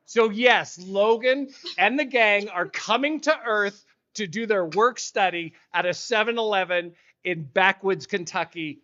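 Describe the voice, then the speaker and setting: A man's voice: high voice, a little slow, hardly any pauses, pushed and bright, lo-fi sound. A man, an author, chatting casually as a guest and telling stories in a playful, joking way. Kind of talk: casual chat.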